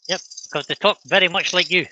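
A man's voice: sits high, a little fast, background noise. A middle-aged Scottish man hosting a woodturning livestream, chatting in a self-deprecating way and repeating words as he works. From Scotland. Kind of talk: casual livestream chat while turning.

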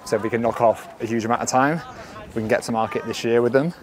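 A young man, chatting casually for a travel vlog in a relaxed, matter-of-fact way. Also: medium pitch, quick pace. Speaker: vlogger and online seller.

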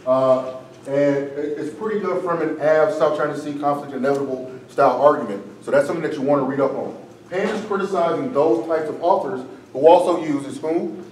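A man with a fairly high, darkish-toned voice speaks a little fast in a casual debate class lecture, often tacking "right?" onto his sentences. His voice sounds strained and tired, and the recording comes from far off in an echoey room with faint noise.

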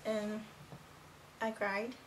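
A woman's voice: mid-range voice, flat delivery, drawn-out words, slight background noise. Gushing teen girl reviewing a cartoon. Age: teens. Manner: rambling, gushing fan, lots of fillers. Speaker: video reviewer. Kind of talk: casual chatty episode review.

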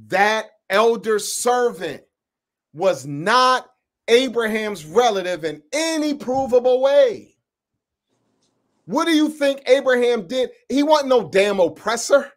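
A man's voice: extremely high pitch, lively intonation, slow pace. A man from upstate New York teaching the Bible in an informal, emphatic preaching style, full of slang and asides to his listeners.

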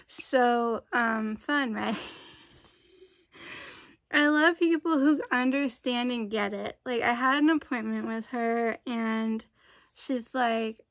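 A woman's voice: on the high side, a bit bright, no room sound. A woman vlogging in a casual, chatty way, rambling with frequent asides. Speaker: YouTube vlogger.

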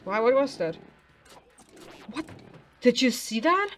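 A woman's voice: a little high, sing-song, slow, slight background noise. A woman casually commenting on a video game she is playing, chatting to the characters and making playful sound effects. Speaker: let's play gamer.

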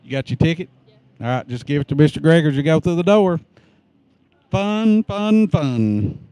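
A man's voice: a little high, racing, darkish tone. Folksy man greeting arrivals. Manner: folksy, joking, friendly instructions. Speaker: greeter at the prom entrance. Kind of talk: casual on-camera greeting.

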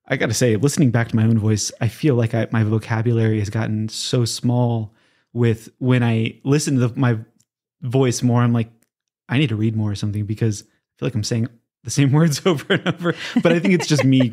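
Man, podcast host, mid-pitched voice, casual rambling questions. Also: warm tone. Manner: rambling, self-correcting, laughs easily. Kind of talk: casual interview chat.

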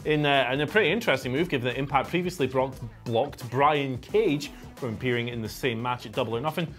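Croaky man reading wrestling news. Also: mid-range voice, fast talker, fairly bright tone, faint music behind. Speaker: news show co-host. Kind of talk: casual chat.

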